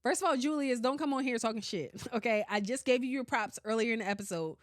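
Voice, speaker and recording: A woman hosting a podcast in casual chat, animated and blunt, swearing freely and often breaking into laughter. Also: on the high side, fast, dry recording, studio quality. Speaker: podcast host.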